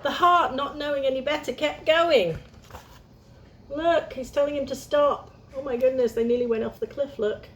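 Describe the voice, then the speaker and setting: A woman's voice: sits high, steady tone, moderate pace, a little hiss or hum. A young woman reading a picture book aloud, chatting to young listeners between lines. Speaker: storyteller.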